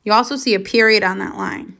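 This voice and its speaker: A woman's voice: medium pitch, brisk, vocal fry, bright, forceful tone. A woman teaching a first grade lesson on video, who asks the children questions, waits, and then confirms the answers patiently.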